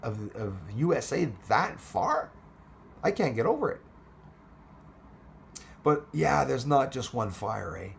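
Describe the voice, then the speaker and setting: A man's voice: mid-range voice, big pitch swings, a little slow, vocal fry, a little hiss or hum. A man hosting a casual livestream, rambling and thanking viewers by name as he reads their comments aloud. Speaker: livestream host reading chat. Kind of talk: casual live chat.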